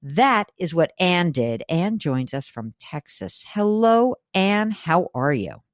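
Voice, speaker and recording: A woman with a low voice hosts a call-in show, chatty and emphatic. Her pitch swings widely, leaping up when something excites her. The studio sound is dry and close. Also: takes it slowly, no echo. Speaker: radio and podcast host. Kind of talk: casual call-in advice show.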